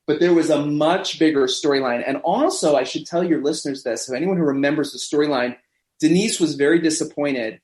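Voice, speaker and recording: A man in a casual podcast chat, telling lively backstage stories and acting out what people said. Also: fairly high pitch, brisk. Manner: animated storyteller who acts out quoted voices. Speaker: podcast guest. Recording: roomy echo.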